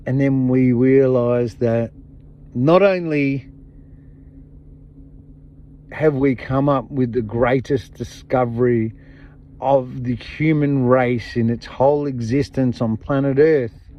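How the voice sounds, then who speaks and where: A man's voice: medium pitch, takes it slowly, long pauses. A man hosting a podcast, giving an impassioned, blunt monologue full of swearing and repeated emphatic phrases. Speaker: podcast host. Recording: dull lo-fi sound.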